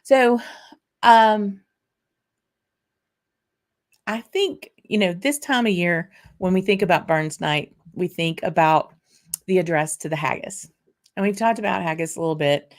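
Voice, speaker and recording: A woman's voice: on the low side, a little slow, pauses often. A woman with a South Louisiana accent hosting a whisky show, chatting with many fillers and laughs, then reading a poem with theatrical flair. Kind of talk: casual chat and dramatic poem reading.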